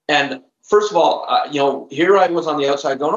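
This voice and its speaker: A man in his fifties, a trainer guesting on a podcast, tells a story with animated emphasis and acts out the dialogue in his own voice. His voice sits a little high for a man. The recording sounds roomy and a bit dull. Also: normal speed, few pauses.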